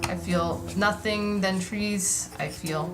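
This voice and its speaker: A woman plays a board game and talks through her moves aloud, sounding unsure of each choice. Her voice sits at an ordinary pitch, with music clearly audible behind her. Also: fairly even intonation, slow. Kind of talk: casual board game play.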